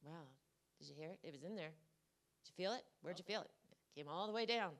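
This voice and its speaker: Talking quickly in a lowish voice, a woman gives a motivational talk in a conference room. She addresses the crowd head-on, energetic and coaxing as she guides them through voice exercises.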